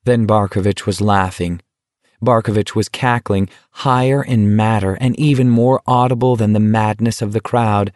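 A man reading a novel aloud as a dramatic audiobook narrator, measured and unhurried. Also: on the low side, fairly even intonation, darkish tone, no echo, clean studio sound.

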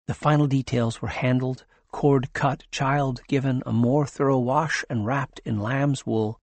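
A man narrating a novel in a steady, measured scripted reading. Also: mid-range voice, no echo. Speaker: audiobook narrator.

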